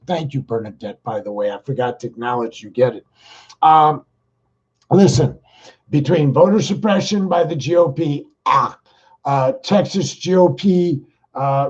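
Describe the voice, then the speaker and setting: A man's voice: fairly high pitch, a little mellow, muffled recording. A man hosting his own podcast, talking in a rambling, exasperated political monologue. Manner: rambling, exasperated, talks fast. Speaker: podcast host.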